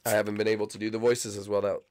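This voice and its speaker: A man with a cold hosting excitable, rambling gameplay commentary. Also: on the low side, rapid-fire. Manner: excitable, rambling, shouts out to friends. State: sick, coughing. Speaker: YouTube gaming host.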